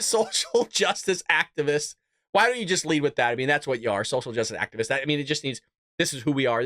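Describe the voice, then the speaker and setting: A sarcastic male commentator who reads news items and then rants about them, often breaking into laughter. His pitch swings widely, and the sound is close and dry, with no room around it. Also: fairly bright tone, dry recording. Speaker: political commentary host. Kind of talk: political commentary rant, reading news aloud.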